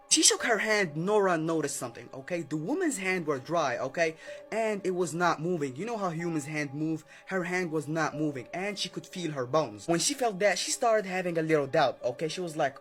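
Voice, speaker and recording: A man's voice: high voice, animated, fast, fairly bright tone. A man telling a scary story in a casual, chatty way, talking straight to the listener with lots of fillers. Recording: faint background music.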